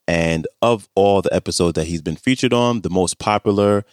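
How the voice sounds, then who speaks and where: A podcast host in a plain, steady delivery, reading out links and show notes at the end of an episode. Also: male voice, deep voice, moderate pace, no room sound, studio quality.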